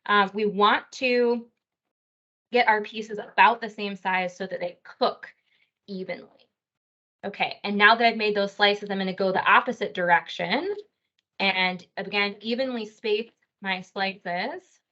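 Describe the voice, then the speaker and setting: A woman's voice: medium pitch, unhurried, fairly bright tone, lo-fi sound. A woman dietitian teaching a cooking class, explaining each step in a casual, friendly way with a few fillers.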